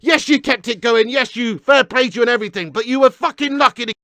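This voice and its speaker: A young Englishman rants furiously into the camera, swearing constantly and breaking into shouts. His voice sits very high and strained, with a gravelly, crackling edge and a bright, sharp tone. The sound is dry and close. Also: quick pace, no echo. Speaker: fan reaction host. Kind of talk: ranting reaction video.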